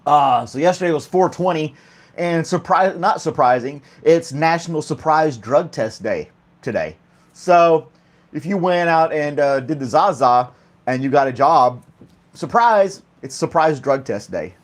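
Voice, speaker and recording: A man's voice: fairly high pitch, animated, a little slow. A man hosting a casual morning chat show, joking and laughing often while a pet clings to his arm. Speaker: host.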